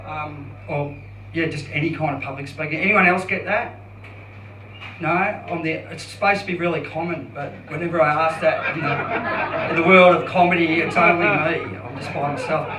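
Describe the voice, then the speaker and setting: A man around fifty doing an open mic stand-up set, self-deprecating and halting, with many restarts. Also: fairly high pitch, fairly even intonation, far from the mic, noisy background. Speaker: stand-up comedian. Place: comedy club stage. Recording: roomy club sound from off mic.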